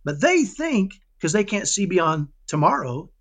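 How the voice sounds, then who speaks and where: A man talking casually in an interview about raising his son, animated and often checking in with "right?". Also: high voice, unhurried. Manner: animated, keeps asking "right?"; acts out dialogues with his son. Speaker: parenting guest.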